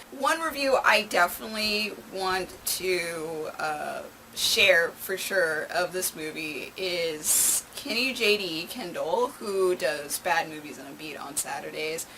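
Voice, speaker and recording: A woman's voice: on the low side, bright, forceful tone, slight background noise, rough recording. A woman hosting her own movie review channel, chatty and openly sarcastic. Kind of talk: casual video review.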